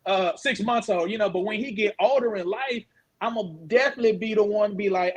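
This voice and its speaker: High-voiced young man, casual rambling. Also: fairly quick. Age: 20s. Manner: rambling, full of fillers like "you know what I'm saying". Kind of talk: casual chat.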